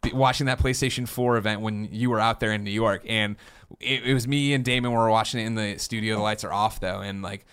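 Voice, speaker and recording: A man in his thirties co-hosting a podcast, telling stories in an excitable, rambling way with lots of swearing and restarts. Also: on the low side, clear, resonant tone. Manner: fast, excitable storytelling with frequent swearing and restarts. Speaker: podcast co-host. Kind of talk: casual chat.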